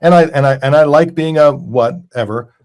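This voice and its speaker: A man's voice: on the high side, moderate pace, a little mellow. Male host, conversational and reflective, stumbles and restarts as he thinks. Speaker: podcast host. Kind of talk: casual podcast interview.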